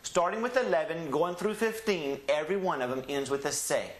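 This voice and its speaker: A man with a Southeast Texas accent and a voice on the high side teaches Spanish in a reverberant room. His enunciation is slow and drawn out, and he runs call-and-repeat drills so learners echo each word, like a classroom lesson.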